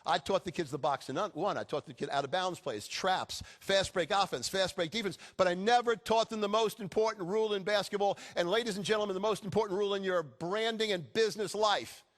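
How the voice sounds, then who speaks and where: A man's voice: high-pitched, fairly quick, hardly any pauses. A middle-aged man giving a motivational speech to a live audience, telling stories with jokes. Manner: animated storytelling with jokes. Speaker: keynote speaker.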